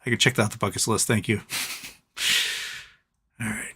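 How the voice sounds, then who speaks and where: A man's voice: on the low side, level tone, normal speed, bright, forceful tone, breathy edge. A man hosting a casual charity livestream, reading viewer comments aloud and getting teary as he thanks them. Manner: emotional, tearful while thanking viewers; talks fondly to his pet between comments. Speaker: livestream host.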